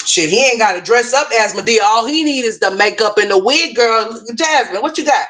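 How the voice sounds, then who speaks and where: A woman's voice: a little high, animated, brisk, fairly bright tone. A woman hosting a casual gossip commentary livestream, sassy and profane, talking straight to her viewers.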